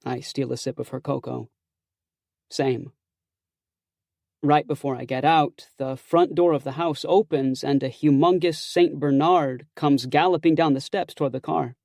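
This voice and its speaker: A man's voice: mid-range voice, steady tone, unhurried, creaky, a little mellow, no room sound. A man narrating a first-person audiobook in a wry, conversational, self-conscious way, close to a studio mic.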